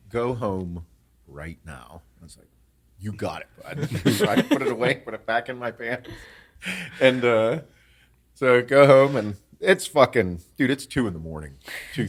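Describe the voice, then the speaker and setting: A man's voice: medium pitch, normal speed. A middle-aged man from western Pennsylvania, a podcast host telling a story in casual chat, swearing freely and laughing as he talks. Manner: profane, laughs through his stories.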